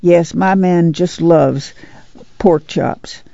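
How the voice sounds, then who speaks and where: A man's voice: a little high, extremely slow, creaky, dark tone, dry recording, muffled recording, heavily acted. A man doing a nosy, chatty neighbor woman.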